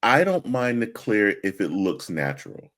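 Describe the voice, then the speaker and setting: A man's voice: lowish voice, big pitch swings, normal speed, fairly bright tone. A man co-hosting a podcast, asking questions and chatting casually with frequent restarts. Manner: conversational, asks questions, hesitant restarts. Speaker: podcast co-host. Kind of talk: casual chat.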